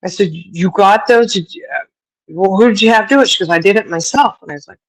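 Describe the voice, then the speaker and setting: A woman's voice: quick pace, poor audio. A woman co-hosting a casual talk show, telling a story with lots of laughs and colorful sayings. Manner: chatty storyteller, laughs often, Southern-style sayings; mimics others with raised pitch. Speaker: podcast co-host. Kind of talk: casual chat.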